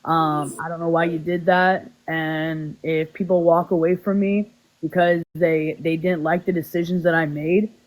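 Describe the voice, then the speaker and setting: A man's voice: a little high, flat delivery, unhurried, few pauses, poor audio. Rambling man on a phone livestream. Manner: rambling, repeats words, earnest and defensive. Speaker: livestream host. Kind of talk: livestream apology talk.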